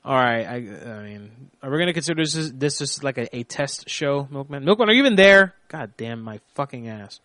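A man's voice: mid-range voice, normal speed, hardly any pauses, a bit bright, no echo. Rambling profane man hosting a live stream. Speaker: host of a call-in prank show. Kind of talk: casual live-stream talk.

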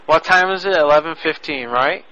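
A man's voice: fairly high pitch, moderate pace, bright, forceful tone. A man making a prank phone call, lecturing in an indignant way over a lo-fi line. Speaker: prank caller. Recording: lo-fi phone audio on radio.

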